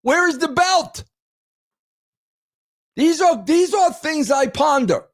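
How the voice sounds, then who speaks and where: A man's voice: very high voice, animated, slow pace. A middle-aged man hosting a wrestling show, ranting in a crude, exasperated way and repeating himself for emphasis. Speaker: host. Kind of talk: ranting commentary.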